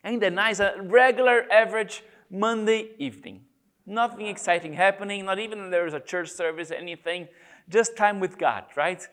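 A man preaching a reflective devotional talk on prayer, speaking in a halting way with many pauses and restarts. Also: high-pitched, a bit bright.

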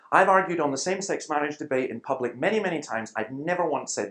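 A man's voice: mid-range voice, fast. A man, speaking as a Christian speaker in a conversational talk, telling stories and acting out the voices of people he quotes. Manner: animated storyteller, acts out quoted voices.

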